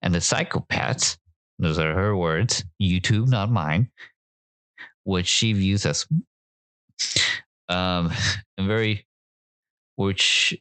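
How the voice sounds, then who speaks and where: A man's voice: sits low, slow pace, long pauses, fairly bright tone, clear, resonant tone, no room sound. A man hosting a podcast, giving casual commentary in reaction to clips, with sarcastic joking asides. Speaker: podcast host.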